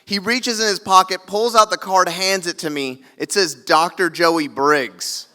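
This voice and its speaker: Bright, high-voiced man telling a comic story. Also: normal speed, clean tone. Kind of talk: live stage storytelling. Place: theater stage.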